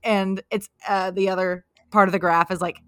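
A woman's voice: medium pitch, level tone, moderate pace, fairly bright tone, dry recording, clean studio sound. Gushing woman podcast co-host. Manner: enthusiastic, gushing. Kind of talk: casual podcast chat.

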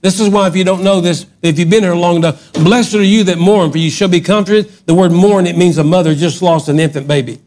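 A middle-aged man preaching a sermon, swinging from loud emphatic outbursts to hushed lines. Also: high-pitched, steady tone, fairly quick, hardly any pauses. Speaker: pastor.

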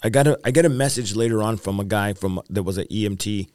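Deep-voiced male evangelist recounting testimony. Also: quick pace, darkish tone, clean tone, dry recording, studio quality. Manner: earnest storyteller, repeats himself, fillers. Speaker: evangelist, interview guest. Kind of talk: testimony in a podcast interview.

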